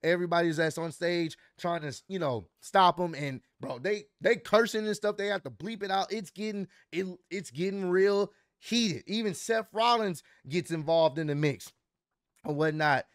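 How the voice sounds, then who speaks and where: A man with a high voice runs through the night's events in a casual vlog, slangy and excited as he retells each moment. The sound is dry and close, with no room around it. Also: normal speed, clean tone, no echo. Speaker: wrestling commentary vlogger.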